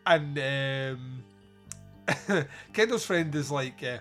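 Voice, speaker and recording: A man hosting a podcast, chatting casually as he reviews a film, animated and sweary as he mocks its dialogue. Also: medium pitch, drawn-out words, faint music behind. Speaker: podcast host.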